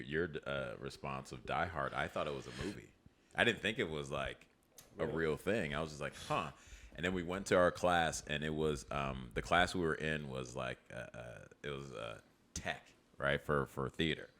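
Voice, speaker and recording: Man, very low voice, gravelly, rambling storyteller, casual comedy podcast chat. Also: a bit bright. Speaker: podcast co-host.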